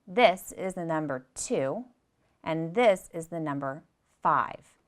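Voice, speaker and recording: A young woman teaching preschoolers, gentle and patient, speaking slowly and clearly and repeating her directions. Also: low-pitched, lively intonation. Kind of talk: slow, clear lesson for young children.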